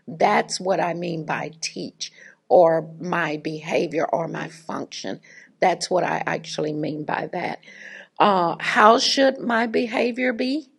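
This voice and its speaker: Raspy, gravelly woman speaker. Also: lowish voice. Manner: chatty and humorous, addresses audience directly. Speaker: faculty speaker. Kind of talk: conversational lecture with anecdote.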